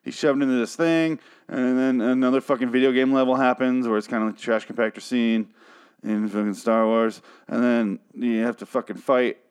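A man's voice: medium pitch, fairly even intonation, normal speed, darkish tone, clear, resonant tone. An irritated man rants through a recap of a TV episode. He swears freely, talks in loose, casual bursts and backtracks to restart his sentences.

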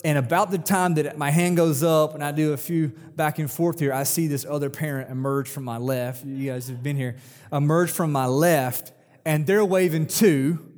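A man's voice: on the high side, fairly even intonation, normal speed, a little mellow. Pastor, male, casual storytelling sermon with emphatic peaks, voice ringing in a large hall. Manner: conversational, personal stories, rising emphasis when quoting. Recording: long hall reverb.

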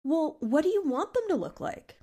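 Casting note: stuffy-nosed woman podcast host, frank and casual, quick to laugh. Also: high voice, very animated, mellow. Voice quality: nasal. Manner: candid, laughs often, swears casually. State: congested, intermittent coughing. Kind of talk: casual chat.

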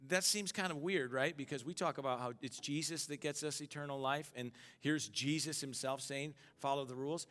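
A man's voice: medium pitch, a bit bright. A man preaching a sermon in a conversational way, calling on the congregation to repeat words back to him. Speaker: pastor. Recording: long hall reverb with faint music.

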